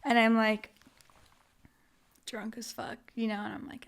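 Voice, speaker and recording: A woman from Oregon, a podcast guest telling her stories in a lively, profane way, with "like" in nearly every sentence. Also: a little high, measured pace, creaky. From Oregon, USA. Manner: animated, profane, heavy use of "like". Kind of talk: casual storytelling.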